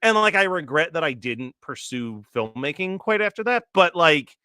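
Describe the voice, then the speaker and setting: A man in his late thirties co-hosts a casual chat. His voice sits a little high and sounds bright. He rambles through a story with many fillers, and the room sounds dry. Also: big pitch swings, moderate pace, smooth, dry recording. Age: late 30s. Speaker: co-host.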